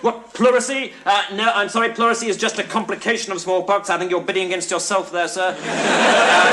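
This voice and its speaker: A man in a live comedy sketch plays an auctioneer, rattling off bids in quick repeated patter. His voice sits fairly high for a man. The old album recording carries heavy hiss and audience laughter. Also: fairly even intonation.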